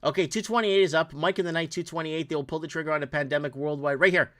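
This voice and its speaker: A man's voice: a little high, steady tone, fast, fairly bright tone. A middle-aged man hosting his own podcast, talking in a rambling, heated way and firing off rhetorical questions. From Portugal, raised in Toronto area. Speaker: podcast host. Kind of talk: casual live-stream commentary.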